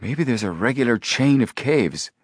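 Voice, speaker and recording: A man voicing an alert teenage boy in a storybook reading, speaking with urgency and excitement. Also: mid-range voice, normal speed, breathy edge, no echo, clean studio sound, voice pushed up.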